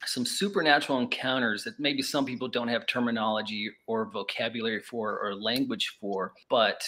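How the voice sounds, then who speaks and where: A middle-aged man hosts the conversation with an enthusiastic, affirming manner. His voice sits in a plain middle range. He talks in a relaxed conversational way. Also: mid-range voice, moderate pace. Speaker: podcast host. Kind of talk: conversational interview.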